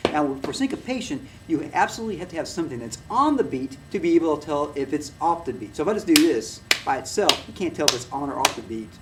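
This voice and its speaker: A man's voice: fairly high pitch, lively intonation, fast talker, few pauses. A man teaching a music lesson in a loose, rambling way, with many fillers and restarts as he claps and plays to demonstrate. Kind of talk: casual recorded lecture. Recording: noisy room, mic far from the speaker.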